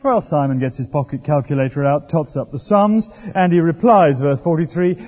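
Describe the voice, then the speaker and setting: A man's voice: on the high side, normal speed, few pauses, a little mellow. A man preaching a sermon, telling the story in a wry, conversational way. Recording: dull lo-fi recording in echoey hall.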